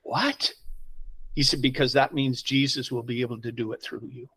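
Emotional, expressive pastor. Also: male voice, medium pitch, fast, breathy edge, low-quality recording. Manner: emotional, expressive storyteller who swings from quiet asides to loud exclamations. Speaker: pastor, podcast guest. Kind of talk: conversational storytelling interview.

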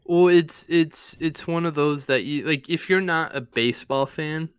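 Podcast co-host, male, mid-pitched, smooth and clear, close dry sound, relaxed list-giving chat. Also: a little slow, no room sound. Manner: loose and conversational, ranking favorites with easygoing asides. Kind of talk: casual sports podcast chat.

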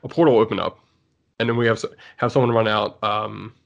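A man's voice: on the low side, steady tone, fairly quick, creaky, highs cut off. A man co-hosting a casual chat about shows, rambling with lots of fillers and restarts. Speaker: podcast co-host.

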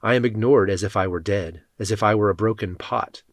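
A man reading Bible passages aloud in a measured, solemn way. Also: on the low side, no room sound. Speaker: scripture reader.

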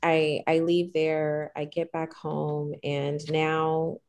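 Low gravelly-voiced middle-aged woman. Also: slow. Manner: calm, even-keeled, with frequent fillers and restarts. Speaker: guest. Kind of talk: personal storytelling in conversation.

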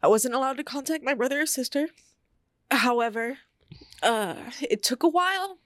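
A woman's voice: sits high, expressive, moderate pace, fairly bright tone, no room sound, studio quality. A young woman on a podcast, candidly telling a personal story in casual chat, with many fillers. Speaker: podcast co-host.

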